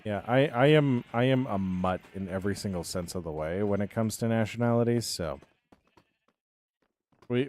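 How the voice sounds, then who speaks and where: A man's voice: fairly low pitch, a little mellow, no room sound. A man chatting casually on a live game stream, rambling and answering his viewers' chat as he plays.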